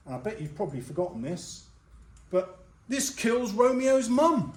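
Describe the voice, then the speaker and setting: A man teaching a revision lesson to a school year group, lively and jokey, acting out the characters. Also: high-pitched, normal speed, a little hiss or hum. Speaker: English teacher. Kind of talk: classroom revision lecture. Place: school hall. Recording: roomy hall sound from a distance.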